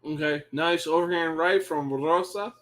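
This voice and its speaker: A man's voice: on the high side, fairly even intonation, measured pace. Profane, exasperated fight-stream commentator, man. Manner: exasperated, swearing, yelling at the fighters.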